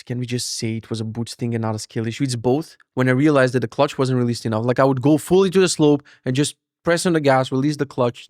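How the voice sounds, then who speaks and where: In a clean studio recording with a dry sound, a young man with a mid-range voice hosts a podcast. He tells a story in a relaxed way, cursing frequently and doing animated character voices to get laughs.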